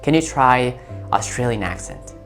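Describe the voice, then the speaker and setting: A man hosts a casual tech video at a middling pitch, eager and informal. He halts often and repeats his words as he goes. Faint music plays underneath. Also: lively intonation, a little slow. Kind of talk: casual talk to an AI voice assistant and to viewers.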